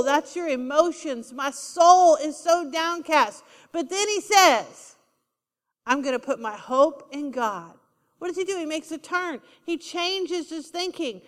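High-voiced woman preaching in a reverberant hall. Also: bright, forceful tone. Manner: emphatic, repeats key lines, asks the congregation for responses. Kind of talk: sermon.

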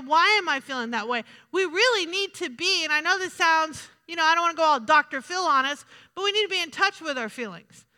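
A woman's voice: very high-pitched, sharp tone, in a large hall. A woman preaching a sermon in a conversational way, repeating her points and asking the congregation questions, recorded in a church sanctuary.

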